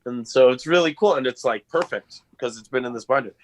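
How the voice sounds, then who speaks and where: A man actor on a video call, chatting casually and rambling with halting restarts. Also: mid-range voice. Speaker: actor guest. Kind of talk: casual interview chat.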